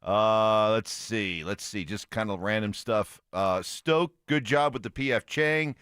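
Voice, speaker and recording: A man co-hosting a casual sports talk radio show, animated and quick with jokes. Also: fairly low pitch, clear, resonant tone, dry recording, studio quality. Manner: animated, quick jokey back-and-forth. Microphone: studio broadcast mic.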